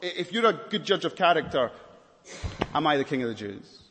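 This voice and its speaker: A preacher voicing a calm, probing teacher. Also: male voice, fairly high pitch, a little fast, long reverb tail, a little hiss or hum. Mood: pointed. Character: calm, probing male teacher questioning a governor.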